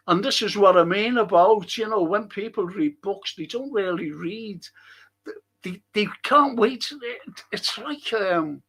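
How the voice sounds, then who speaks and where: Gravelly Liverpool man hosting a stream. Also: high-pitched, a bit bright. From England. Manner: chatty and opinionated, reading viewer comments aloud. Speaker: host. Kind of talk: casual live-stream chat.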